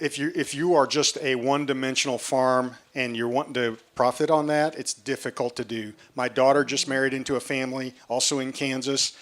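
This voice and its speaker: A man's voice: medium pitch, a bit bright. A man moderating a panel at a festival, explaining prices and asking the audience questions in a conversational way. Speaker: panel moderator, seed production manager. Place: tent at an outdoor festival.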